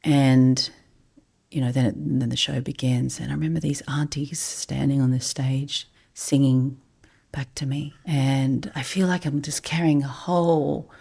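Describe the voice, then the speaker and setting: A woman with a strikingly deep, low voice recalls an experience for a podcast in a soft, unhurried way. Her delivery stays hushed and often drifts into breathiness. She sounds middle-aged and reflective. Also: fairly even intonation, creaky, slightly rough. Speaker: podcast guest, vocalist. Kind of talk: reflective storytelling.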